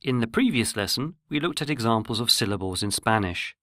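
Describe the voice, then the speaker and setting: Measured man narrating a language lesson. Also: mid-range voice, animated, pushed and bright, dry recording, studio quality. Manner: measured, explanatory.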